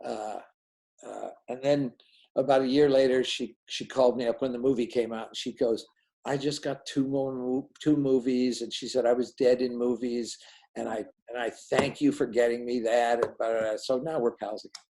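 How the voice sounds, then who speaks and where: Man telling a lively showbiz story. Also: medium pitch, normal speed, rough recording. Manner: animated, acts out dialogue in quoted voices. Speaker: film director, guest. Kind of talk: anecdotal storytelling in an interview.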